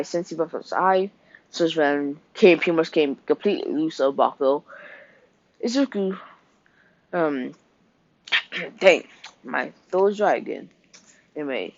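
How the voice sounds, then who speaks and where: A man's voice: on the high side, no echo. Rambling man retelling a cartoon story. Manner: halting, rambling, lots of ums and restarts. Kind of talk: casual fan retelling of an anime plot. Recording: dull dry home recording.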